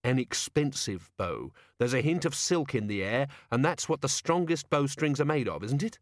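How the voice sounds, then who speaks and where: A man voicing a young werewolf woman officer, brisk and matter-of-fact. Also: mid-range voice, lively intonation, no echo, studio quality, pitched above the performer's own voice, close to an everyday voice.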